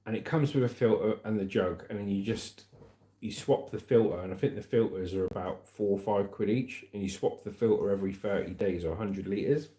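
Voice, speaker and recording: A man's voice: on the low side, warm tone. A man from southern England with a southern English accent, hosting a livestream at home and chatting casually with viewers, calling them mate and brother. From Aldershot, southern England. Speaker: livestream host. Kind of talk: casual livestream chat, reading out viewer comments. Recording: roomy echo.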